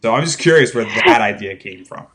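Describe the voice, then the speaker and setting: A man's voice: medium pitch, lively intonation, brisk, music in the background. A man hosting a casual interview about a comic, rambling and thinking aloud with restarts. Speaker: podcast host.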